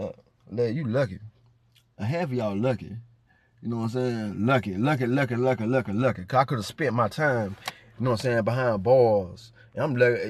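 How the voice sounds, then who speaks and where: A defiant man rants straight at his listeners, profane and combative, looping back again and again to rhetorical check-ins. His voice sits at an ordinary middle pitch. The sound is close and dry, with no room echo. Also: darkish tone. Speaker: vlogger. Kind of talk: confrontational spiritual rant.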